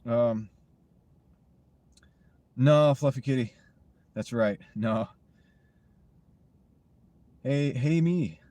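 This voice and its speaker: A man's voice: medium pitch, drawn-out words, pauses often, warm tone, no room sound. An American man chatting casually with his livestream viewers from his parked car, joking and rambling as he reads comments. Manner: joking, rambling, talks to chat. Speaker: livestreaming gig-delivery driver. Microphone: wireless mini clip-on mic.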